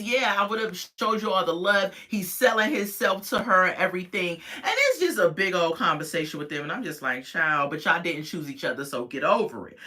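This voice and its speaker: Lady chatting thru a show recap, aave, acts out everyone's lines, bright lowish voice. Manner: animated storytelling, acts out quotes, laughs often. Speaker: reality show recap vlogger. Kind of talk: casual chat.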